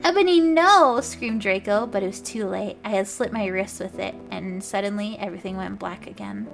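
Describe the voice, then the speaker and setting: A woman streamer reading a story aloud for laughs, shouting the quoted lines over the top and breaking off for wry asides. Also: mid-range voice, flat delivery, moderate pace. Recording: clear background music under voice. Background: background music.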